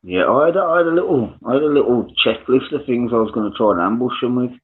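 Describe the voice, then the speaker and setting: A man chatting excitedly on a live panel, restarting his sentences and swearing. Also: mid-range voice, fast. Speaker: panel guest. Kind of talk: casual live panel chat. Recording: tinny phone-line audio.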